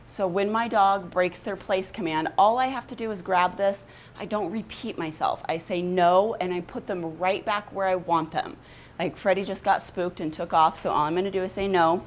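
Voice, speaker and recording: Dog trainer, woman, middle-pitched, plain explaining delivery, light background noise. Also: fairly even intonation, moderate pace. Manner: explains plainly, then switches to a high, gushing praise voice for the dog. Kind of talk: instructional dog training vlog.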